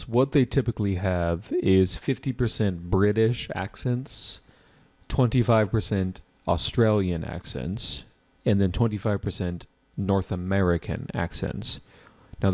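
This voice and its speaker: A man with a fairly low voice runs an exam preparation lesson. He explains answers in a casual, chatty way and talks straight to his viewers. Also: a little mellow. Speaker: IELTS teacher. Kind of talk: online exam prep lesson.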